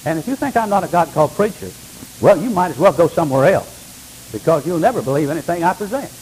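Older preacher with lively emphatic delivery. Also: male voice, fairly high pitch, quick pace, slight background noise, rough recording. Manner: emphatic preaching with wide swings between hushed and loud. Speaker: pastor. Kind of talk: sermon.

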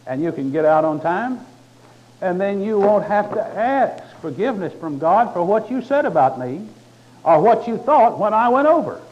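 Man preaching, folksy and joking, fairly high voice, muffled lo-fi sound. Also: big pitch swings, normal speed, a little hiss or hum. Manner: folksy, conversational preaching with humor. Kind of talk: sermon. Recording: muffled lo-fi recording.

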